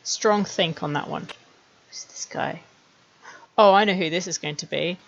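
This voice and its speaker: A woman streamer chatting wryly to herself as she builds animated scenes, laughing at her own jokes. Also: on the low side, a little slow, vocal fry, highs cut off. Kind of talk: casual commentary while making a 3D animation.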